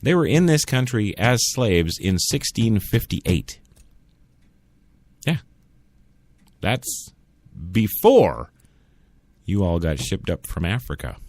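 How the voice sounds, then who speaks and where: Male talk radio host, opinionated, sarcastic, very animated pitch, dry close studio sound. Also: unhurried, pauses often, no room sound. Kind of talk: solo talk radio monologue.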